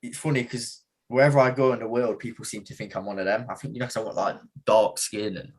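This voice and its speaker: Young man, Midlands accent, husky and slightly breathy, easygoing podcast storytelling, slangy and relaxed. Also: medium pitch, quick pace. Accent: English Midlands. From England. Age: young adult. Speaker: boxer guest. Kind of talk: casual podcast chat.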